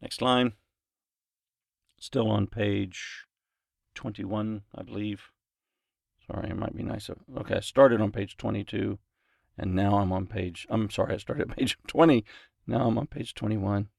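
A man's voice: fairly low pitch, steady tone, measured pace, vocal fry, no echo, clean studio sound. A man recording voice lines in a home closet, out of breath and rambling in self-mocking asides between takes. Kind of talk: casual outtakes chatter.

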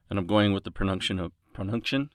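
A man's voice: sits low, heavy background noise. A man recording voice lines in a home closet, out of breath and rambling in self-mocking asides between takes. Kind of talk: casual outtakes chatter.

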